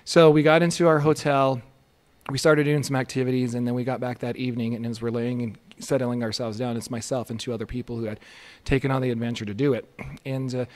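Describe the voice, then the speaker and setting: A man telling a story as a podcast guest in a casual, excitable way. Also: medium pitch.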